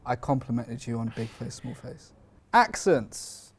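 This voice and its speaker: A man playing a deadpan, self-assured acting coach in a comedy sketch, talking in short clipped lines. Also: mid-range voice, unhurried, husky.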